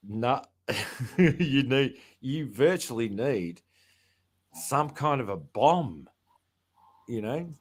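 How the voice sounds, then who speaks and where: A man's voice: medium pitch, animated, drawn-out words, pauses often. Rambling man guest on a livestream panel. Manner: rambling storyteller, apologetic. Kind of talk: casual livestream chat.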